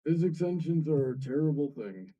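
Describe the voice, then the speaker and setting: A man's voice: a little high, animated, moderate pace, dark tone. A man who makes videos, talking hesitantly with many fillers on a casual livestream. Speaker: video creator guest. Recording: muffled lo-fi mic.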